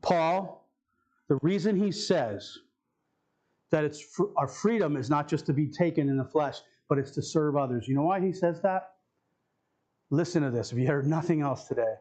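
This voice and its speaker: Male pastor, high voice, casual preaching style that repeats key lines. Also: normal speed, a little mellow, low-quality recording. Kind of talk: sermon. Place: church sanctuary.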